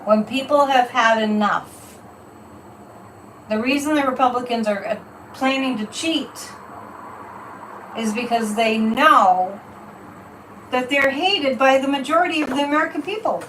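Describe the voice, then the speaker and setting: A high-pitched woman speaks at normal speed but with long pauses while hosting a livestream psychic reading, recorded from a distance. She is casual, emphatic and animated, repeating her points, and the room is echoey with faint background noise.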